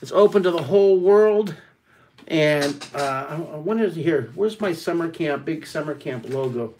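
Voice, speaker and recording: Middle-aged male drawing teacher, slightly high voice, playful and excitable, live kids' webcast from home. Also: normal speed, slight background noise. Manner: playful, excitable, chatty, addresses kids directly. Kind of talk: live online drawing lesson. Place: at home, son and cat in the room.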